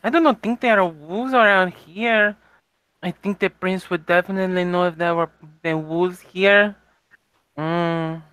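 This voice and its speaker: A woman's voice: fairly low pitch, measured pace, fairly bright tone, clean tone, dry recording. Woman putting on a spanish-accented court lady, formal, teasing, dry close sound. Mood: courteous. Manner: formal, slightly broken phrasing. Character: warm, teasing Spanish woman, old-world vampire courtier.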